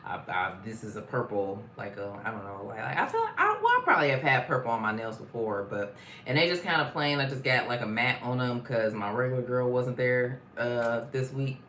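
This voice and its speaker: Low-voiced woman gossiping on a live stream, slangy and loose, echoey room, faint hiss behind. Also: sing-song, brisk, a bit bright. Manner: chatty, slangy, sings greetings to viewers. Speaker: live-stream host reading viewer comments. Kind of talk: casual live-stream chat. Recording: roomy echo with faint noise.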